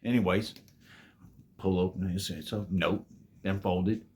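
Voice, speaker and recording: Deep-voiced man telling a profane story. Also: fairly even intonation, normal speed, darkish tone. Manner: profane, laid-back, calls listeners "babies". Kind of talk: casual storytime monologue.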